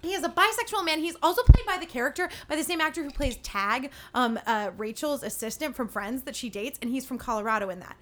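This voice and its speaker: A young woman hosts a casual recap podcast, her voice high and bright. She talks in a chatty, sarcastic way, dropping quick playful impressions of characters. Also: expressive, a little hiss or hum. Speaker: podcast host recapping episodes.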